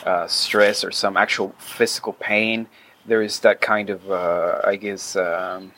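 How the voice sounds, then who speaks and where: A man's voice: deep voice, level tone, a little slow, sharp tone, slight background noise, low-quality recording. A man as a podcast guest, talking casually in a rambling way with many fillers and restarts. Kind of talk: casual interview chat.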